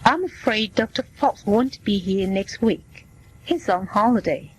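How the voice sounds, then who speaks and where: A woman's voice: mid-range voice, lively intonation, breathy edge, poor audio. A woman reading as a polite clinic receptionist. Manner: slow, plain reading voice. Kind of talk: scripted dialogue for learners.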